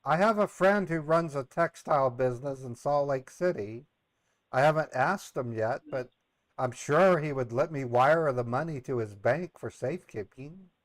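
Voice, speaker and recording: A man's voice: mid-range voice, moderate pace, dry recording. A man playing a flustered, indignant victim on a prank call, protesting his innocence in long defensive runs. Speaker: scambaiter posing as a caller. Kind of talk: prank call role-play.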